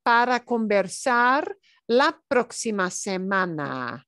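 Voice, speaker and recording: Chatty and easygoing, a middle-aged woman teaches Spanish over a video call, slipping Spanish phrases into her English and repeating them slowly. Her mid-range voice is animated and a little bright. The sound is close and dry, with no room echo, typical of an online class lesson.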